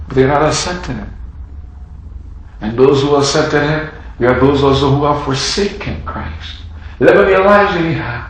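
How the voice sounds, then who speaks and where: A man preaching a sermon in a dramatic style, acting out the characters' words and swinging between loud, raised passages and hushed ones. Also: medium pitch, unhurried, long pauses, a little hiss or hum. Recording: heavy room echo.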